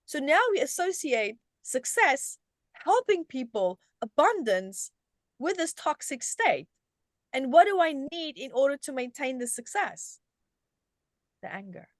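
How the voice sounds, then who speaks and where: A woman's voice: high-pitched, measured pace, no room sound, studio quality. Middle-aged woman telling her story animatedly. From South Africa. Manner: animated, with frequent restarts. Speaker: guest, self-help author. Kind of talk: conversational storytelling.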